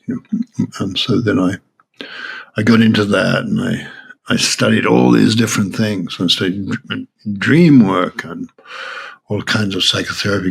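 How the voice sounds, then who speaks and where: Older aussie guy, lowish gravelly voice, stop-start storytelling, laughs a lot. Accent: Australian. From Australia. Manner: halting, many restarts, laughs often. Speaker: Zen teacher. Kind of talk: reflective interview storytelling.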